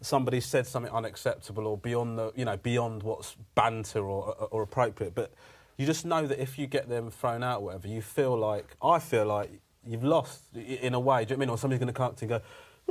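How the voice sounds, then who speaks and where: A man's voice: mid-range voice, fast. A man, a comedian guest on a podcast, telling a rambling casual anecdote, often interrupting himself and checking in with his listeners. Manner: rambling, self-interrupting, "do you know what I mean".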